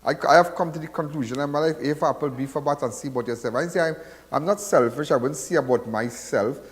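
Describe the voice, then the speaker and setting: A Trinidadian man hosts a casual call-in radio show, speaking quickly in a fairly high voice with a long reverb tail. His talk rambles, repeats itself, and turns preachy.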